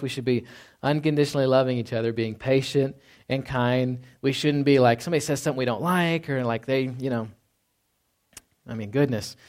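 A man preaching a sermon as pastor in a relaxed, conversational way. He often adds "right?" asides and drops to a quiet voice for emphasis. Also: mid-range voice. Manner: conversational, with frequent "right?" asides and soft laughs.

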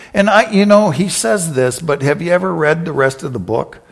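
A man preaching a sermon, retelling scripture in a lively storytelling way and acting out the voices. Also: fairly high pitch, moderate pace, vocal fry. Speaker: pastor.

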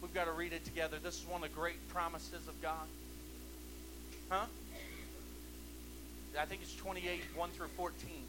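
A man preaching a sermon in a church service, impassioned, repeating refrains that swell loud and then drop low. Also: little pitch movement, moderate pace, long pauses, heavy background noise.

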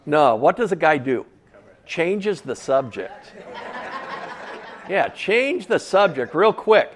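Conversational male pastor, slightly high voice. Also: very animated, slow, long pauses. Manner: conversational, asks the congregation questions; repeats key phrases for emphasis. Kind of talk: sermon.

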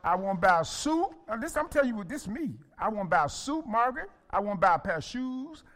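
A male pastor delivering a sermon with a high voice and a bright, forceful tone. He preaches in a folksy, colloquial way and leans on call-and-response, asking the congregation to repeat his words and speaking to listeners by name. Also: big pitch swings, fast talker.

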